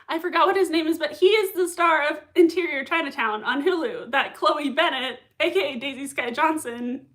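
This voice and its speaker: A woman's voice: sits high, pushed and bright. A young woman hosting a casual livestream, reacting to a TV episode with bubbly, giggly chatter and reading chat comments aloud. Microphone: desk mic with earbuds.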